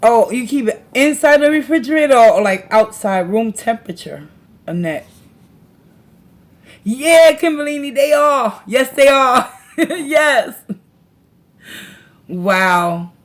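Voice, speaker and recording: A woman's voice: high voice, expressive, slow, long pauses. A woman hosting a casual livestream, chatting with viewers in a slangy, laughing way and reading their comments aloud. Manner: slangy, laughs a lot, talks to chat. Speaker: tarot reader and livestream host.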